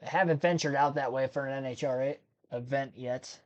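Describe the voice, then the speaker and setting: A man's voice: medium pitch, fairly even intonation, a little fast, muffled recording. A man from Ohio hosting a live race-watching stream, chatting casually, rambling and correcting himself as he goes. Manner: rambling, laughs while talking, self-correcting. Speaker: livestream host. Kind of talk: casual live commentary chat.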